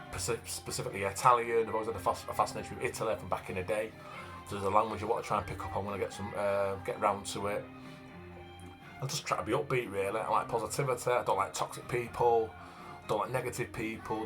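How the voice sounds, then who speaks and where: A man in his fifties from Manchester with a broad Manchester accent, talking about himself in a blunt, plain-spoken casual monologue full of fillers. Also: on the low side. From Manchester, England. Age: 50s. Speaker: vlogger and author. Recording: faint background music.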